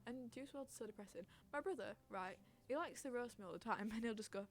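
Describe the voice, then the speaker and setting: A woman's voice: medium pitch, normal speed. A young woman hosting a casual chat podcast on stream, rambling, giggling and reading out chat messages.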